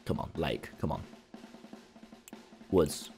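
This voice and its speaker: A British man streaming a game, chatting quickly, swearing and joking at his own expense. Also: mid-range voice, faint music behind. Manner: quick, animated, swears often, self-mocking. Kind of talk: casual game stream chat.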